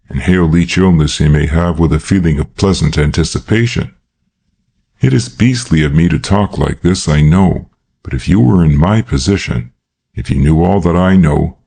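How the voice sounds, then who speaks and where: A man's voice: deep voice, creaky, dark tone, breathy edge, heavily acted. A man reading an audiobook, voicing a young man who pleads earnestly and with passion.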